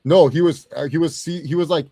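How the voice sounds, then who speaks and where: Animated young man, casual movie chat. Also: a little high, a little fast, no room sound, studio quality. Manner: animated, swears freely, acts out quotes. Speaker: co-host of a movie review show.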